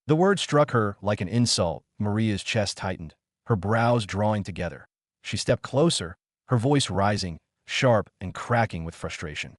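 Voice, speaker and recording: A man narrating a fantasy story in a steady, even storytelling manner. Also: fairly low pitch, measured pace, no echo, studio quality. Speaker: audiobook narrator.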